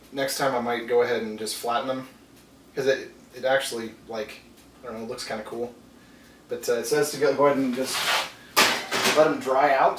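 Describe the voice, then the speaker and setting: A man hosting a home cooking vlog, talking casually and loosely with lots of fillers and restarts. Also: medium pitch. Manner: relaxed and rambling, many fillers and restarts. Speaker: home cooking channel host. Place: home kitchen. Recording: echoey kitchen, mic at a distance, audible noise.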